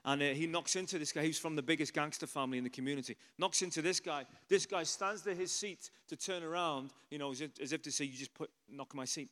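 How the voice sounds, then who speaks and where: A man preaching in a loose storytelling way, full of "you know" asides and animated turns. His voice sits fairly high for a man, and the sound rings with a long hall reverb. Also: fast talker, few pauses. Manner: chatty, animated, many asides. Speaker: pastor. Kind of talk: storytelling sermon.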